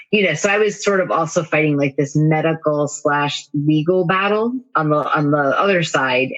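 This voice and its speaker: A woman's voice: deep voice, dull audio. A woman coach, a podcast guest, telling a personal story in a candid, self-deprecating way with many fillers. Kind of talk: casual storytelling in an interview.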